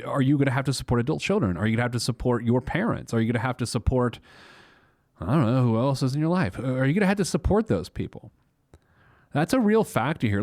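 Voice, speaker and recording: Male host in his 30s, lowish voice, blunt and animated, close dry studio mic. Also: dry recording. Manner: blunt and animated, with frequent restarts. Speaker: podcast host, financial planner. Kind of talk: casual solo podcast talk.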